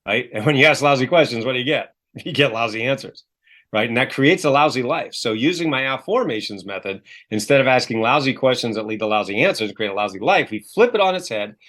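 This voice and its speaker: A man who is a self-help author and coach, a lively storyteller who acts out the voices he quotes, speaking as a guest in a podcast interview. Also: medium pitch, quick pace.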